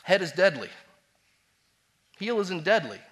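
A man preaching a sermon, swinging between loud emphatic repetitions and quiet, low asides. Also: sing-song, measured pace.

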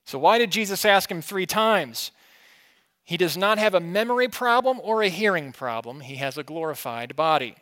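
A pastor preaching an expository sermon in a conversational way, asking his listeners questions and swinging between emphatic and quiet. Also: high-pitched, expressive, moderate pace.

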